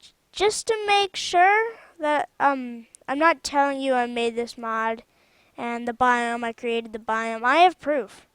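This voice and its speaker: Woman, high voice, unhurried, dry close sound, casual gameplay commentary, rambling, self-correcting. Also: a bit bright, clear, resonant tone, no room sound. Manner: rambling, chatty, stops and corrects herself often. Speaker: channel host showing her own game mod.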